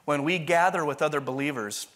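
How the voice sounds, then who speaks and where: A man's voice: on the high side, a little fast, a bit bright. A man preaching a sermon in a conversational, rambling way, often restarting his sentences. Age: adult, continuing university studies. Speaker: pastor.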